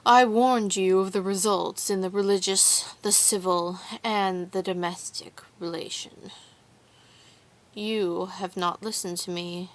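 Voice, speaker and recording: A proud, ironic noblewoman with a bitter edge, voiced by a woman reading aloud. She speaks slowly and carefully, and every word carries a mocking bite. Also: medium pitch, steady tone, close to an everyday voice. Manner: mocking, sharp irony.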